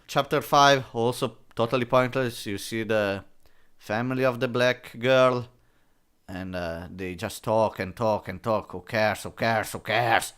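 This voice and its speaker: Slow, sarcastic man reviewing a comic. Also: medium pitch, fairly bright tone, clean tone. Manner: mocking, dismissive, many fillers and restarts. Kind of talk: sarcastic commentary.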